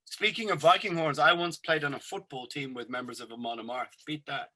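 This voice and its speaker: A man's voice: fairly high pitch, fairly quick, pushed and bright, husky. An Irish man chatting casually as a podcast host, telling rambling anecdotes and swearing freely. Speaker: podcast host, metal musician. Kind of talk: casual chat.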